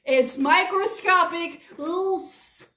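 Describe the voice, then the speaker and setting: A woman's voice: very high-pitched, takes it slowly, sharp tone, full character voice. Brief: petty vengeful creature, whiny, put on by a woman, echoey room. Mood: defiant.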